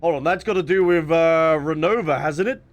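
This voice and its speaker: A young adult man giving casual, rambling gameplay commentary as a streamer, excitable and full of restarts. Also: fairly high pitch, normal speed. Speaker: gaming streamer.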